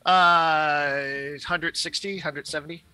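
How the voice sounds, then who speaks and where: A man's voice: fairly high pitch, steady tone, takes it slowly, heavy background noise. A man playing a tabletop game, joking and playful in casual banter. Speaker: player.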